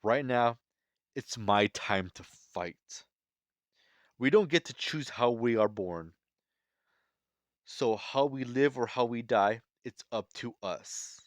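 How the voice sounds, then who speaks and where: Man doing a gruff, defiant spartan king, lowish and dry, reading from a comic. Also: takes it slowly, long pauses, no room sound, close to an everyday voice. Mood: grim resolve.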